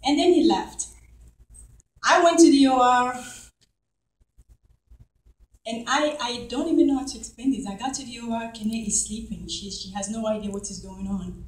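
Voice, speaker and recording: A middle-aged woman telling a church congregation a testimony, animated and acting out the lines of the people in her story. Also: a little high, fairly quick. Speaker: church member giving testimony. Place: church hall. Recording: echoey hall, from far off.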